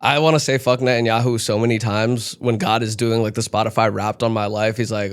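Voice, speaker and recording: A young man from New York talks through a comedic monologue in a fairly low voice. He moves between dry, musing asides and abrupt, animated outbursts. His delivery stays loose and conversational. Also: brisk, few pauses, clear, resonant tone. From United States, raised in New York. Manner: animated, swings from deadpan musing to sudden outbursts. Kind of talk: stand-up style comedic monologue.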